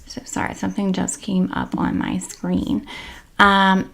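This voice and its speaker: A woman's voice: medium pitch, little pitch movement, measured pace, gravelly, a bit bright, in a whisper. A woman giving casual, chatty parenting tips as the host of a tip series, with many fillers and upbeat emphasis. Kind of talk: casual instructional talk to camera.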